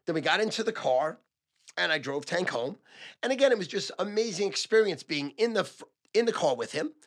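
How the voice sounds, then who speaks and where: A man in his sixties who advises sports gamblers, talking to camera in a casual, loud, profane monologue and repeating phrases for emphasis. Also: high voice, animated, fairly quick.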